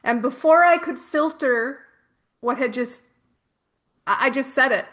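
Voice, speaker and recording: A woman's voice: high-pitched, a little slow, pauses often, fairly bright tone. A middle-aged woman hosting a spiritual workshop, telling chatty personal stories with casual swearing.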